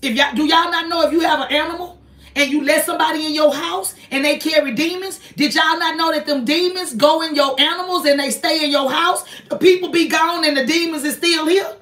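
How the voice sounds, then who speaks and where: A woman's voice: high-pitched, fairly quick, fairly bright tone, far from the mic. A woman, talking to her viewers in a casual livestream from her apartment, emphatic and repetitive as she preaches. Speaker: online ministry host. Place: small home apartment, indoors. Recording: echoey room, voice off-mic.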